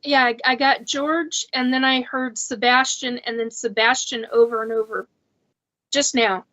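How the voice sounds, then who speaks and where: A woman with a high voice talks emphatically, often repeating words as she works through her thoughts. Her part in the casual podcast discussion sounds dull and lo-fi. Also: steady tone, unhurried, sharp tone. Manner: emphatic, repeats words while thinking aloud. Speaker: paranormal podcast co-host.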